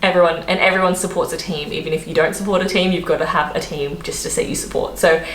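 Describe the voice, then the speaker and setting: Young Australian woman vlogger, chatty and laughing, lowish voice, roomy echo. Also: steady tone, quick pace. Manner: chatty, laughs often, many fillers. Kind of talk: casual chat to camera. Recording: echoey room, faint background noise.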